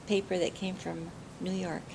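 An older woman with a lowish, gravelly voice recounts family memories for an interviewer. She talks in a chatty way and laughs often as she remembers. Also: flat delivery, normal speed, a little mellow, a little hiss or hum, low-quality recording. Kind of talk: oral history storytelling.

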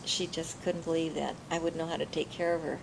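Older woman, low and gravelly, chatty oral history storyteller who laughs easily. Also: level tone, a little fast, background noise. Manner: chatty, often laughing while recalling. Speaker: interviewee.

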